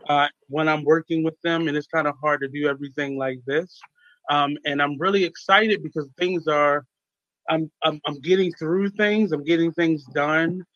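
A man's voice: a little high, a bit bright, no room sound. A man hosting an internet radio show, talking casually with a lisp, rambling through fillers and restarts. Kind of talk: casual solo radio talk. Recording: dull, lo-fi, dry.

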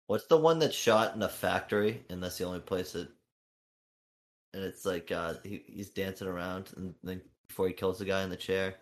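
A young man with a deep voice chats casually with friends. He speaks bluntly and offhandedly, never dressing up his opinions. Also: moderate pace. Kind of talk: casual chat.

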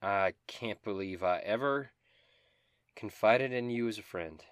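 A man's voice: lowish voice, a little slow, clear, resonant tone, no room sound, clean studio sound, close to an everyday voice. A man voicing an angry, contemptuous woman sheriff who curses harshly. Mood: furious. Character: furious hard-bitten woman sheriff.

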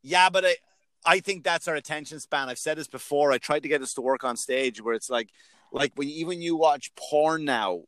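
A middle-aged man sits close to the mic in a dry, dead room, his voice pitched a bit high for a man. He tells crude stories in a loose, animated way, jumping into quoted voices as a comedy podcast host. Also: normal speed, no room sound. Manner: animated, profane storytelling with acted-out quotes. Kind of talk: casual podcast chat.

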